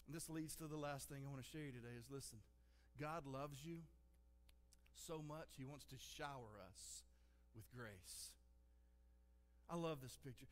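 A man's voice: medium pitch, moderate pace, long pauses. A man preaching a sermon as a pastor, earnest and conversational, repeating "listen" to press his points. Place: church sanctuary. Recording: long hall reverb.

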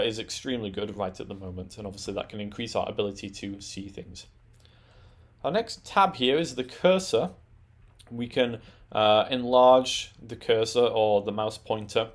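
A man presenting a tech tutorial, talking through settings in a relaxed, explanatory way with frequent "um" and "uh". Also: on the low side. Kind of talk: screen-recorded software walkthrough.

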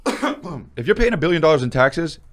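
A man's voice: fairly high pitch, sing-song, brisk, a bit bright. A man co-hosting a podcast, trading crude jokes and riffing loosely, often repeating "yeah, yeah". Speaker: podcast co-host. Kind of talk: crude comedic banter.

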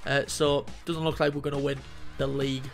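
A young man doing excitable, jokey let's play commentary while he plays a football game, swearing often. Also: medium pitch, brisk, creaky, faint music behind. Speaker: gaming YouTuber.

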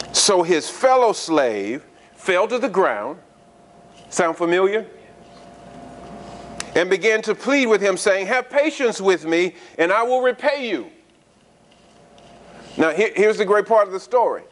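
A male pastor preaches with a fairly high voice that swings widely in pitch. He talks to the congregation, throws them rhetorical questions and repeats words when he restarts. A faint hiss sits under the recording. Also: takes it slowly, pauses often. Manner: animated, conversational preaching with frequent rhetorical questions. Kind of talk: sermon.

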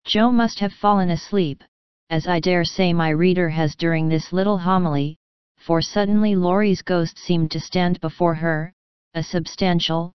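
A woman narrating a classic novel as an audiobook, reading in a calm, measured way. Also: fairly low pitch, smooth, no room sound, lo-fi sound. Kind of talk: scripted storybook narration.

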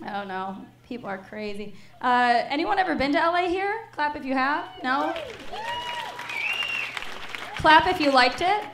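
A woman's voice: sits high, steady tone, moderate pace, fairly bright tone, a little hiss or hum. A woman from Chicago performing a stand-up comedy set in a comedy club, teasing the audience. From Chicago, USA. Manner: crowd work, teasing the audience. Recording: roomy club recording.

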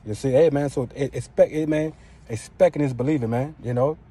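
A man's voice: medium pitch, brisk, warm tone, husky. A man preaching an informal sermon in a profane, street-style way. He keeps throwing in "man" and "you know what I'm saying".

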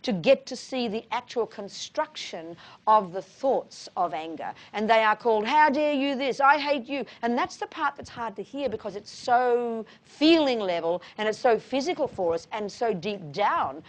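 A middle-aged woman talks bluntly and emphatically, answering an audience's questions about Buddhist practice. She slips endearments such as darling and honey into her points. Her voice sits a little high for a woman. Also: lively intonation, normal speed. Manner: frank, emphatic, calls listeners darling and honey. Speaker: Buddhist teacher. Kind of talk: informal dharma talk answering questions.

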